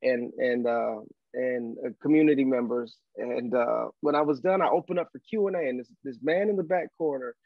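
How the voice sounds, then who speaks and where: A man telling a story as a podcast guest, animated, with a preacher's cadence. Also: medium pitch, normal speed, dry recording, narrow, tinny audio. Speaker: guest speaker. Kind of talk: storytelling interview chat.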